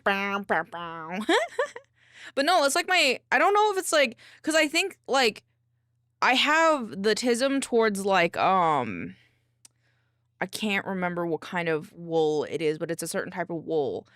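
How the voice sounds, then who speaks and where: A woman's voice: mid-range voice, very animated, unhurried, a bit bright, no room sound, clean studio sound. A woman streamer chatting casually while she works, rambling with many restarts and fillers. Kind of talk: casual chat while working.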